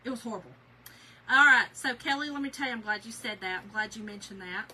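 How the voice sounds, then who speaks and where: Chatty bright-voiced woman. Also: on the high side, fast, low-quality recording. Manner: chatty, animated storyteller, laughs often. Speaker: craft channel host. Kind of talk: casual livestream chat with viewers. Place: home.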